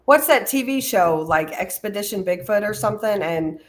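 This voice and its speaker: A woman's voice: medium pitch, lively intonation, moderate pace. A woman co-hosting a casual paranormal podcast, agreeable and chatty, with a lingering cough. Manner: agreeable, lots of short affirmations.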